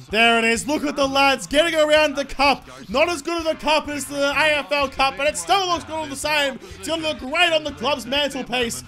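High-voiced excitable young man gaming. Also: brisk, hardly any pauses. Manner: excitable, sweary, shouts at the players. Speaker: gaming YouTuber. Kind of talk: live gameplay commentary.

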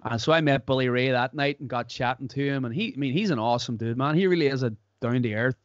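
A man's voice: mid-range voice, fast talker, no room sound. Irish guy on a podcast, chatty storyteller, dry dull-sounding mic. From Ireland. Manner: animated storyteller, acts out quotes. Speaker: podcast host. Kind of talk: casual chat.

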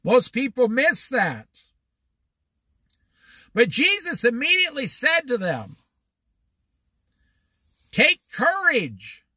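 A man's voice: very high-pitched, wildly swooping pitch, slow, long pauses, pushed and bright, no echo. A man leading an informal Bible study, reading verses aloud and then explaining them in a conversational way. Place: on the Oregon coast.

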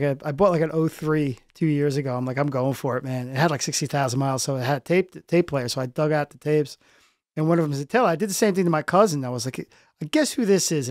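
A man's voice: on the high side, a little mellow, dry recording, studio quality. A man guesting on a music podcast, talking casually and rambling with many fillers. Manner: rambling, lots of fillers and laughs. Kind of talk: casual chat.

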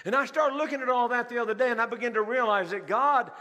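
Male pastor, high-pitched, repetitive sermon delivery in a large hall. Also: fast talker, pushed and bright. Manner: rhetorical questions to the congregation, repeats key phrases. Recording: long hall reverb.

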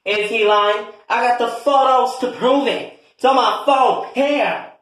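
Brief: a man playing a profane, brash young daughter, high-pitched, in an echoey room. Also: fairly even intonation, measured pace, a bit bright. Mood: furious. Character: loud furious young adult daughter. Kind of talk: comedy skit acting.

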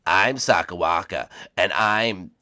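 A man doing a deep, sulky skeleton. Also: pushed and bright, full character voice. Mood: glum. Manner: slow, mumbling, sulky. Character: gloomy male skeleton, grumbling.

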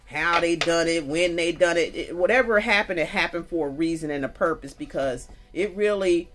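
A woman with a deep, low voice reads tarot cards in a loose, chatty, folksy way and speaks right to her viewers. Soft music plays faintly behind her. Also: normal speed. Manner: chatty, folksy, talks straight to viewers with y'all. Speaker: tarot reader. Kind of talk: casual spoken tarot reading.

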